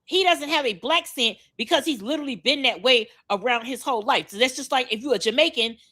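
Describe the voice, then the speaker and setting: High, bright-voiced Miami woman ranting. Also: fairly quick. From Miami, Florida. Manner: profane, emphatic, blunt. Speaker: podcast co-host. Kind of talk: casual podcast rant.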